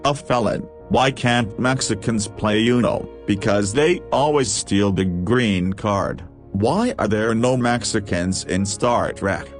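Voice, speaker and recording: A man reading a list of jokes aloud, with a steady question-and-punchline delivery. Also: fairly low pitch, slow, few pauses, soft background music. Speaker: joke reader.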